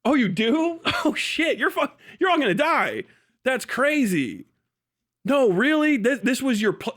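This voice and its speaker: A man's voice: very high-pitched, sing-song, slow, fairly bright tone. A man hosting a livestream, ranting heatedly and profanely, mocking and breaking into laughs. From United States. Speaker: livestream host.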